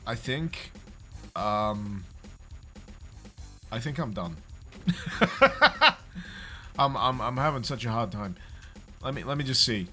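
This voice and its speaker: A young man from Liverpool with a softened Scouse accent, giving casual gameplay commentary on a livestream, rambling, stammering over words and swearing wryly. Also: medium pitch, expressive, a little slow, pauses often, soft background music. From Liverpool, England. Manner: rambling, stammering repeats, frequent swearing, wry.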